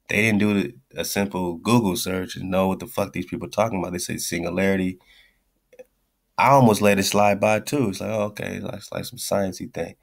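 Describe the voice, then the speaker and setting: A man with a very low voice and a rough, gravelly texture. He hosts a radio show and talks over a clip in blunt, profane slang, circling back to his points again and again. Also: a bit bright. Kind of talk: commentary on a played clip.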